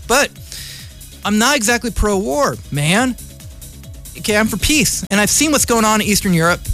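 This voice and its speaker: A high-pitched man behind a community radio mic, working through a heated, rambling opinion monologue. He argues, circles back and presses his points. Soft music plays faintly underneath. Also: animated, normal speed. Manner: impassioned, rambling, argumentative. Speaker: radio show host.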